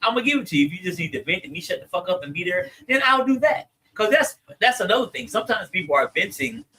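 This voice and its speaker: A man with a Southern US accent hosting a podcast, chatting casually and reading listener comments with lively, slangy delivery. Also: high voice, fast, slightly rough, poor audio. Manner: animated, laughing, Southern slang. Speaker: podcast host.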